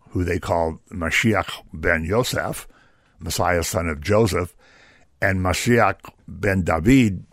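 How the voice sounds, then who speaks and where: A man's voice: deep voice, dry recording, studio quality. A man preaching a conversational sermon, explaining scripture with asides and rhetorical questions.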